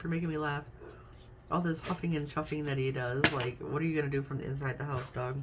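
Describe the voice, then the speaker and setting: A woman's voice: sits low, little pitch movement, a little fast, a little hiss or hum. A woman doing a casual tarot reading, chatty and thinking aloud as she names each card. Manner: chatty, thinks aloud while naming cards. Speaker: tarot reader.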